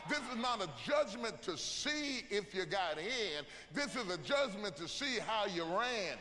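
A man preaching a sermon to his church, joking with the congregation and rising into shouts. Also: high voice, very animated, measured pace. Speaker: pastor. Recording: echoey church hall with loud room noise.

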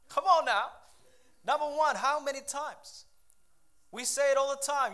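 A man preaching a sermon with a lively, conversational delivery, full of quick asides and acted-out quotes. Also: very high-pitched. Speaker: pastor.

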